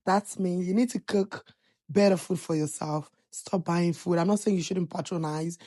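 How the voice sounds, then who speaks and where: A woman talks viewers through her cooking in a loose, chatty voice-over, teasing and joking as she goes. Her voice sits a little low for a woman. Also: warm tone. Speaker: cooking channel host. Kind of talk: casual voice-over narrating a cooking video.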